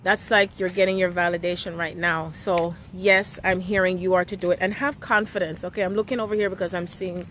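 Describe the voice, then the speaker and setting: A woman's voice: fairly low pitch, level tone, fairly quick, hardly any pauses, a bit bright, a little hiss or hum. A woman giving an emotional live-streamed spiritual reading, often checking in with "okay?". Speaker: spiritual reader.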